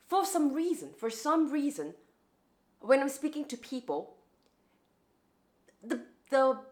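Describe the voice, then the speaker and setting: A young adult woman vlogging to camera in a casual, reflective way, often restarting and repeating words. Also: on the high side.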